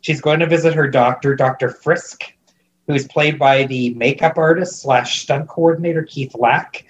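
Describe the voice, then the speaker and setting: A man's voice: a little high, fairly even intonation, normal speed, a little hiss or hum. Rambling man with a muffled mic. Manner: rambling, lots of "like" and restarts, amused disbelief. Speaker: podcast co-host recapping a movie. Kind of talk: casual chat.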